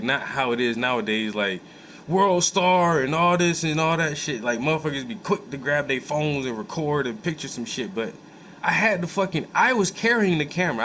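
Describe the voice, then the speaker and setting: Dude telling a wild story in aave, relaxed and cussing, bit of hum in the room. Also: male voice, fairly high pitch, rough recording. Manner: animated, profane, laid-back storytelling with many fillers. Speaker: host. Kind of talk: casual storytelling.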